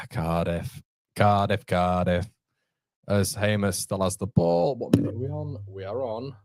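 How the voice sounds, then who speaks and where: A man hosting a live match watchalong, chatty and excitable, talking straight to his viewers. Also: low-pitched, a little slow, no room sound. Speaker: host of a football fan channel.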